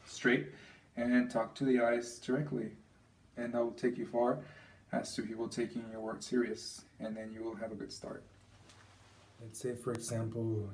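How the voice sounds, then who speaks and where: A man's voice: mid-range voice, a little mellow. A man giving an informal, conversational talk with tips, acting out examples as he explains. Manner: casual, conversational, demonstrates examples aloud. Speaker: presenter. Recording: distant mic with faint background noise.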